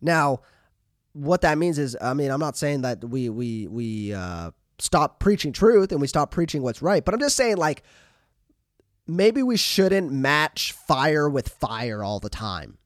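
A man hosting a podcast, talking casually and in an animated way, with lots of fillers and restarts. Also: a little high, measured pace, dry recording, clean studio sound. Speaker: podcast host.

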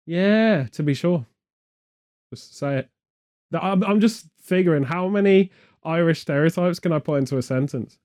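Mellow-voiced man rambling comic tangents. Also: fairly high pitch, brisk. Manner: meandering absurd tangents told with a straight face. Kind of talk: comedic rambling chat.

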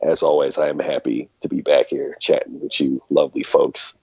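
Man, podcast guest, low pitch, swooping intonation, self-mocking, dull dry recording. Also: little pitch movement, moderate pace, warm tone, slightly rough, dry recording. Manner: self-deprecating, joking. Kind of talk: casual podcast chat. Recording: dull lo-fi sound.

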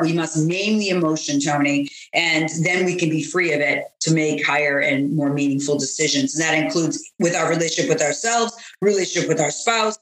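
A woman coach and author giving an earnest interview, acting out bits of the dialogue she retells. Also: deep voice. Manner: earnest, acts out quoted dialogue. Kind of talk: interview talk. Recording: roomy echo.

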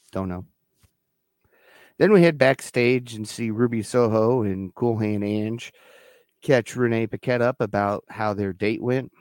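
A man with a fairly low voice co-hosts a podcast and walks through the results of a wrestling show in a relaxed, chatty way. He laughs easily as he goes. The sound is dry and close to the mic. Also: no echo. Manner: laid-back recapping with quick laughs. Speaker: podcast co-host. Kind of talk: casual wrestling recap chat.

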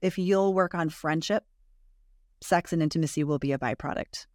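A woman's voice: low voice, normal speed, a little mellow, no room sound. Earnest woman explaining, dry close sound. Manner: earnest, explains research findings, repeats for emphasis. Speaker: relationship podcast guest. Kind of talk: conversational explaining.

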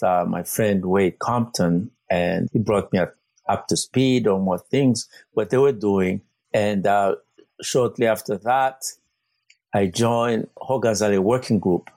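A Vancouver community organizer answers interview questions earnestly, his lowish, darkish voice recorded with no room sound. He uses frequent fillers and restarts.

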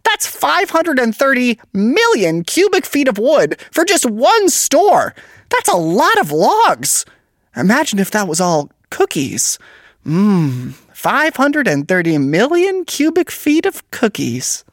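A woman's voice: fairly high pitch, very animated, slow, no echo, clean studio sound. A woman playing Jimmy, a cheerful, cookie-loving male host who floats, with goofy, dramatic delivery in a kids' audio comedy. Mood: excitable. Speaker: podcast co-host.

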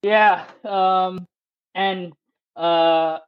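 Male podcast host, high voice, loose rambling chat with swearing, dull recording. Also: steady tone, drawn-out words, clean tone, no room sound. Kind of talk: casual chat.

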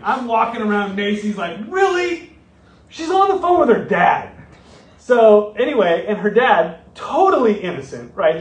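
A middle-aged man, a pastor, telling a story in a sermon with animated, self-mocking humor. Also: high-pitched. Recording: roomy, from a distance.

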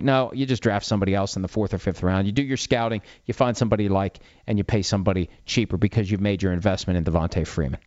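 A man's voice: fairly low pitch, fast, hardly any pauses, a little mellow, no room sound. Forties guy sports host rambling blunt takes, dry dull-ish audio. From Italian-American. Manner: candid, blunt, rambling with restarts. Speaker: sports writer and show host. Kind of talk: casual talk answering listener questions.

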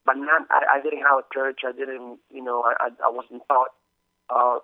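A man from the Dominican Republic, a guest telling his story with many halting restarts over the phone. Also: mid-range voice, flat delivery, no echo. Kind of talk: casual testimony over the phone. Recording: tinny phone line, dry.

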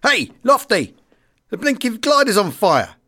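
Bloke doing a young gunner lad, pitched way up, hollering over the intercom. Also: male voice, very animated, fairly quick, full character voice. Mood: alarmed. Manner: shouting up alarmed over an intercom. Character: tough young Welsh air gunner, excitable.

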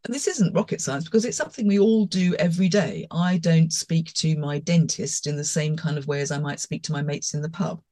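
A woman's voice: deep voice, warm tone, no room sound. Emphatic woman, dry close sound. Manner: emphatic and brisk, with quick bursts of speech. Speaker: podcast co-host. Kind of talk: casual chat.

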